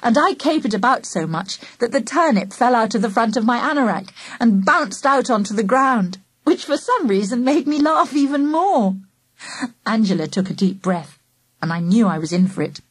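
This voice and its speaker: A woman narrating a children's story aloud in a lively, animated first-person voice. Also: fairly high pitch, normal speed, slightly rough, dry recording. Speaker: audiobook narrator.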